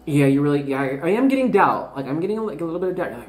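A woman's voice: deep voice, animated, rapid-fire, a little mellow, reverberant, slight background noise. A woman in her twenties giving a casual, rambling tarot reading to her viewers, full of fillers and bubbly asides. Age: 20s. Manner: rambling, filler-heavy, bubbly and self-interrupting. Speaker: tarot reader.

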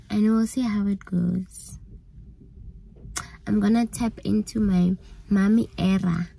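A young woman, chatting excitedly to her viewers in a casual vlog from inside her car. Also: mid-range voice, a little slow, vocal fry, pauses often, poor audio. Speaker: vlogger. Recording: loud car and car wash noise.

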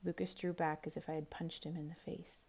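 Gravelly-voiced woman reading aloud. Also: low-pitched, flat delivery, a little fast, a little mellow.

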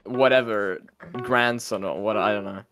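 A man playing a game with friends on a stream, teasing and joking with them. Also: lowish voice. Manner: teasing, quick to shout and tease. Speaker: guest player. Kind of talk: casual gaming chat.

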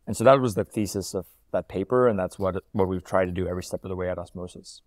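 A man in his thirties, a company founder talking as an interview guest, quick and fluent with frequent ums and uhs. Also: deep voice, darkish tone, no room sound, clean studio sound. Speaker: startup founder and CEO, guest. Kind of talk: casual interview talk.

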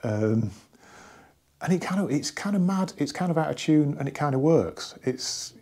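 A man casually talking through an album from his record collection, rambling and enthusiastic with many pauses and restarts. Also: fairly high pitch, animated, darkish tone, breathy edge. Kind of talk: casual hobby vlog.

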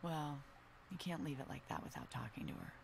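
A woman's voice: low-pitched, expressive, vocal fry. An actress playing a caring but frustrated middle-aged mother who snaps when hurt, over a noisy cartoon soundtrack. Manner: caring but quick to snap.

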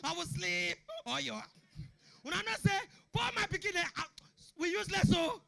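A young man with a Nigerian Pidgin accent doing a stand-up comedy routine, shouting punchlines and acting out characters. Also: very high-pitched, animated, moderate pace, vocal fry. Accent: Nigerian Pidgin English.

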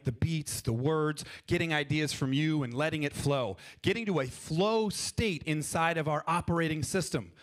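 A man leading a live audience through an improv warm-up on a festival stage, playful and energetic, coaching them through each step. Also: fairly high pitch. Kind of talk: stage workshop talk with freestyle rap.

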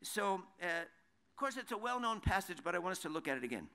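Fairly quick and clear, this Bible teacher's high voice swings widely in pitch, with a bright, forceful, resonant tone. He teaches his sermon conversationally, restarting often, posing rhetorical questions, and translating verses he reads in Hebrew.

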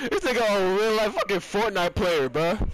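A young man rants through his gameplay commentary in a somewhat high voice. He swears constantly and bursts into frustrated yells, then sinks back into low, grumbling mutters. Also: very animated, measured pace, dry recording. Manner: ranting, profane, often yelling in frustration; swings between loud outbursts and low muttering. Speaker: gamer.

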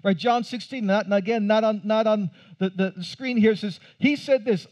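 A pastor giving a conversational sermon, asking the congregation questions and adding light humor. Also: male voice, sits high, moderate pace, few pauses, darkish tone. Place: church.

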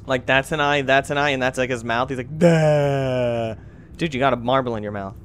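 A man's voice: mid-range voice, steady tone, fast, fairly bright tone. A man giving goofy, mildly crude commentary while playing a video game. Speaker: gamer. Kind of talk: gameplay commentary. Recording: noisy, with game sound behind.

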